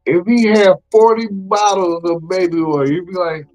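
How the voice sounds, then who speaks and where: A man hosting a podcast in casual chat, animated and slangy, exclaiming and laughing often. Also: high voice, moderate pace, faint music behind, rough recording. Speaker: podcast host.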